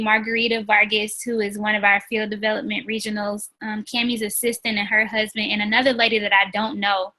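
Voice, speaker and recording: Leading her business team's call, this woman gives a sincere, talkative motivational speech, saying "um" and "like" a lot and calling everyone "y'all." Her voice is a bit high with a sharp edge, and the recording is of low quality.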